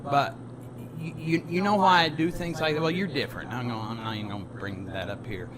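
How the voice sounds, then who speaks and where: A man talking warmly and rambling, stammering and laughing often as he encourages a friend. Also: medium pitch, a little fast, a crowd in the background. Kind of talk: heartfelt personal talk.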